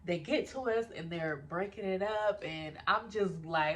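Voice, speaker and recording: Animated young woman telling a storytime vlog. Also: mid-range voice, a little slow, few pauses, slight background noise. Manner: animated, conversational, swears freely, addresses viewers as y'all.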